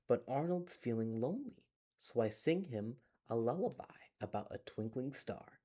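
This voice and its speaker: Playful, lively male storytime reader. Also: mid-range voice, moderate pace, hardly any pauses. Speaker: children's librarian. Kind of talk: reading a picture book aloud to children. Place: closed public library. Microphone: phone.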